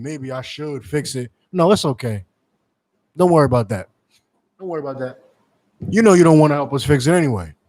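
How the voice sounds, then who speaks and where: A man's voice: a little high, a little mellow. A man preaching in a fiery, mocking street-preacher style, calling on others to read scripture. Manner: heated, mocking, profane, calls for scripture readings. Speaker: preacher and teacher.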